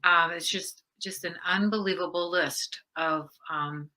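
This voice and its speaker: Woman interviewer, bright tone, gentle and sympathetic, laughs easily. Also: lowish voice, fairly even intonation, slight background noise. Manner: warm-hearted, quick to laugh, sympathetic. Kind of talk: conversational interview.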